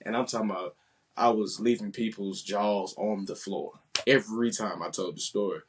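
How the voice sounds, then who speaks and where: Low-voiced young man, animated storyteller. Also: moderate pace, a little hiss or hum. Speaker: interview guest. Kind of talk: casual interview storytelling.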